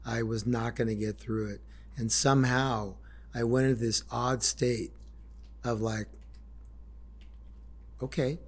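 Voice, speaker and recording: Gravelly middle-aged man telling his story. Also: mid-range voice, fairly even intonation, takes it slowly, pauses often. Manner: blunt, raw storytelling with swearing and reenacted quotes. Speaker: speaker sharing a recovery story. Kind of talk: candid personal testimony.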